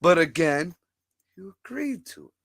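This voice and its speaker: Bright, blunt-talking male stream host. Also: high voice, sing-song, unhurried, gravelly, no room sound, clean studio sound. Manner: blunt, profane, riffing. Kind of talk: casual livestream chat.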